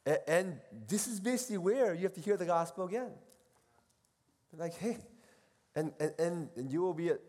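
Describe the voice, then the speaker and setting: With a voice that sits high, this middle-aged seminary professor talks casually and with animation at a retreat, performing quoted voices as he goes from loud to soft. A long hall reverb colors the sound.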